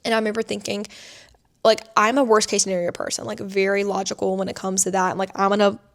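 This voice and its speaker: A woman's voice: mid-range voice, little pitch movement, fast talker, a bit bright. A woman in her twenties, seated indoors, tells a personal story to camera, filling her speech with "like". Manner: chatty, many filler "like"s. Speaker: vlogger.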